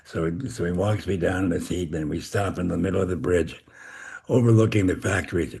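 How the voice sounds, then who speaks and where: Older male interview guest: deep, gravelly voice, halting delivery. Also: a little mellow. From Cleveland, USA. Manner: halting, with many repeated words. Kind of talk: storytelling in an interview.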